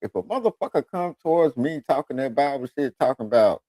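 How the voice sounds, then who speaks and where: Brief: male radio host, lively swinging pitch, dry close-mic sound, profane comic storyteller. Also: brisk, no echo. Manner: animated storytelling, switches into voices of others. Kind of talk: profane comedic monologue.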